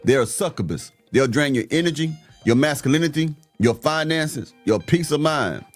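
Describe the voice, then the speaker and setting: A man's voice: fairly high pitch, expressive, normal speed. Blunt, slangy man ranting over faint music. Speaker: host reacting to clips. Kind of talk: opinionated commentary rant.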